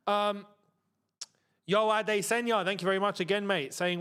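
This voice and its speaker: A man's voice: high-pitched, steady tone, moderate pace, a bit bright, clean tone. A young man casually hosting a live football watchalong, chatting in slang and reading out viewer messages. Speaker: host.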